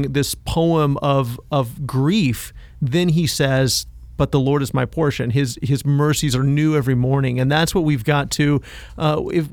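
A man's voice: on the high side, no echo. A man hosting a casual discussion podcast, speaking with passion and acting out quoted phrases. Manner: impassioned, animated, acts out quotes.

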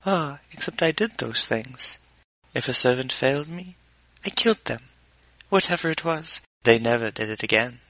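A man's voice: mid-range voice, lively intonation, normal speed, pushed and bright, dry recording, low-quality recording. A man voicing a languid cold-blooded villain. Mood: casual. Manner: lackadaisical, casual.

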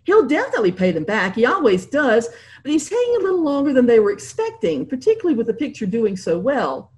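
A woman's voice: fairly high pitch, huge pitch swings, fast, darkish tone, pitched above the performer's own voice. A woman voicing a breezy, modest young actress who talks lightly. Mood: anxious.

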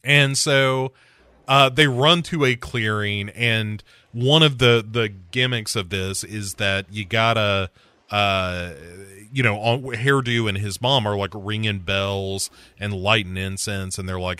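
A man hosting a podcast, casually retelling a horror movie's plot with jokes and quick put-on voices. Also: lowish voice, clean tone, no room sound. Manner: jokey, animated plot retelling with quoted voices. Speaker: podcast host.

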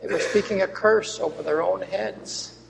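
Brief: male preacher, sermon delivery, high voice, loud readings dropping to hushed asides, long hall reverb. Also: normal speed, gravelly, noisy background. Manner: swings between loud emphatic reading and quiet asides.

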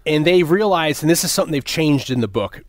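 A man's voice: a little high, lively intonation, fast, dry recording, clean studio sound. A man in casual conversation, retelling a film scene by scene, acting out the characters' lines, swearing freely and often restarting his sentences. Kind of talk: casual movie discussion.

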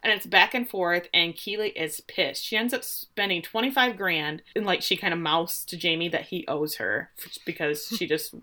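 A woman's voice: on the low side, moderate pace, hardly any pauses. A woman in her forties hosting a casual podcast, animatedly recapping a TV episode and laughing often as she retells scenes. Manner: animated storyteller who laughs often and briefly voices characters.

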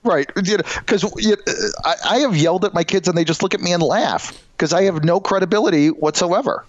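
A man's voice: sits high, fairly quick, no room sound, highs cut off. A middle-aged man co-hosting a podcast, chatting casually in a rambling, self-mocking way. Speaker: podcast co-host. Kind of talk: casual chat.

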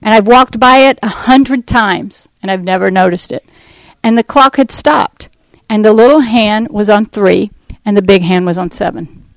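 A woman giving a personal faith testimony to a church audience, telling her story in a rambling, animated way and acting out what people said. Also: mid-range voice, normal speed, no echo, low-quality recording. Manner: animated storytelling that acts out quoted speech; rambling, with fillers and restarts. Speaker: Christian ministry speaker.

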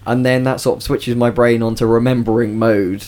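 A man's voice: medium pitch, flat delivery, normal speed, a little mellow. A young man co-hosting a casual chat podcast, chatty, often repeating words as he talks. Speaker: podcast co-host, stage actor.

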